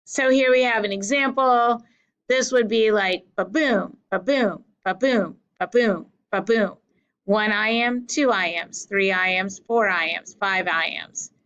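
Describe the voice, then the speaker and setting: A woman teacher giving a slow, deliberate lesson over slides, correcting herself now and then. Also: mid-range voice, a bit bright, clear, resonant tone, dull audio. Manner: slow, deliberate explaining with small self-corrections.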